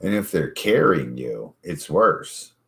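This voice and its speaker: Deep-voiced forties male host, unhurried, swears easily, loose storyteller. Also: sing-song, a bit bright. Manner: profane, easygoing storytelling. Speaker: podcast host. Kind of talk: casual chat.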